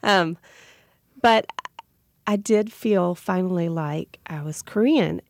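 A woman's voice: on the low side, takes it slowly, gravelly, dry recording, studio quality. A woman with a Southern US accent, a radio guest telling a heartfelt personal story with bits of laughter.

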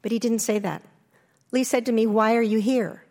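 An older woman, an interview guest, telling her story candidly and acting out remembered lines with lively restarts. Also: normal speed, in a large hall. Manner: animated, restarts, acts out quotes with rising pitch.

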